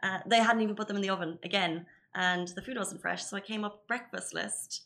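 A woman's voice: medium pitch, steady tone, brisk, few pauses, a bit bright. A young woman co-hosting a daily news podcast, chatty and upbeat in casual talk. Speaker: podcast co-host. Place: studio in Dubai.

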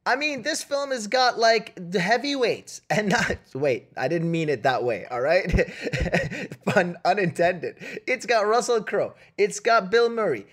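A man co-hosting a comedy podcast where he argues movies with mock outrage. His pitch swings widely as he rants, and he keeps jabbing at the listener with "okay?" and "all right?". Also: lively intonation, measured pace. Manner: loud, mock-indignant, keeps tagging lines with "okay?". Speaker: podcast co-host.

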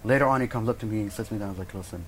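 A man's voice: lowish voice, rapid-fire, fairly bright tone, slight background noise. A man cohosting a podcast, telling a story in casual chat, acting out quotes and swearing freely.

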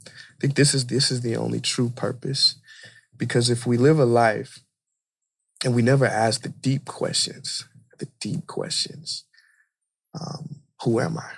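A man speaking as a guest on a podcast, animated and storytelling. His voice has a gravelly, husky grain at a middle pitch. He repeats words to drive his points home. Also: unhurried, pauses often. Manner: animated, repeats phrases for emphasis. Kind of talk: storytelling in conversation.

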